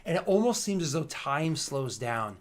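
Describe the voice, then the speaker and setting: A man's voice: on the high side, sing-song. Man narrating a tabletop game. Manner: halting, filler-heavy descriptive narration. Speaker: game master.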